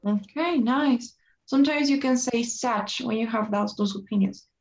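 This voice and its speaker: Woman, English tutor, slightly high pitch, gravelly fry, dull lo-fi call audio. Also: a little mellow. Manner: patient, slow explanations with restarts. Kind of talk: one-on-one online lesson.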